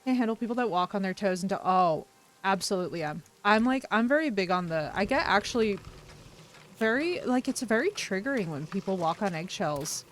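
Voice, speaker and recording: A woman streamer chatting casually with her viewers, effusive, unfiltered and animated. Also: medium pitch, brisk.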